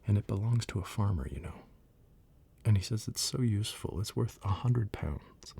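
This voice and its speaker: Man doing a curious polite little girl, storybook, whispered role-play, husky, gravelly undertone. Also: lowish voice, lively intonation, normal speed, exaggerated voice. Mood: eager. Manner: soft, breathy whisper, earnest and fretful.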